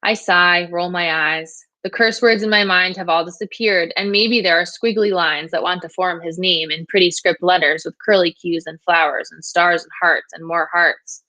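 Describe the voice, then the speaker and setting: A woman's voice: fairly low pitch, fairly even intonation, moderate pace, hardly any pauses, sharp tone, no room sound. A woman teacher reading a novel aloud to her class, narrating steadily in the first person.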